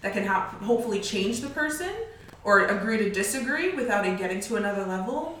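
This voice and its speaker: A woman's voice: mid-range voice, animated, fast talker, fairly bright tone, recorded from a distance, slight background noise. A woman co-hosting a podcast, giving an earnest, thoughtful opinion in casual chat. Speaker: podcast co-host. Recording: very echoey room, off mic.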